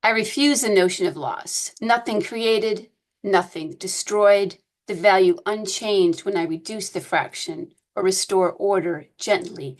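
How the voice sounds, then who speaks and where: A woman reading her own poems aloud at a poetry reading, in a slow, measured way. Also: medium pitch. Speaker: poet reading.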